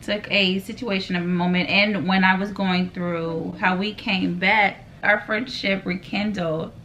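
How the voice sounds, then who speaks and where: A woman's voice: medium pitch, steady tone, unhurried, a bit bright, lo-fi sound, slight background noise. A woman guest in a vlog Q&A, speaking bluntly and frankly about her own stubbornness. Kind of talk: candid friendship Q&A chat.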